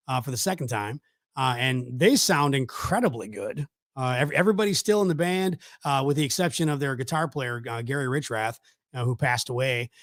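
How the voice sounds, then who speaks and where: A man's voice: medium pitch, dry recording, studio quality. A middle-aged man hosting a casual live show, rambling with many fillers and restarts. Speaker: host. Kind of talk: casual chat on a live stream.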